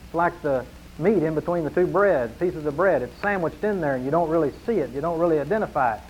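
A man's voice: on the high side, lively intonation, fast, a little hiss or hum, rough recording. A man preaching a sermon in an earnest way, pressing his points and reading scripture with growing force.

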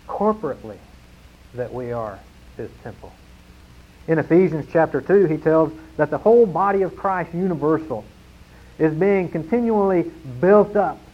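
A male pastor delivers a sermon in a slightly husky voice, pitched a little above most men's. He presses hard on key words, then slows and sinks to a near hush to let a point land. The sound is dull and lo-fi. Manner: emphatic preaching, slowing and dropping to a hush at key phrases. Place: church sanctuary.

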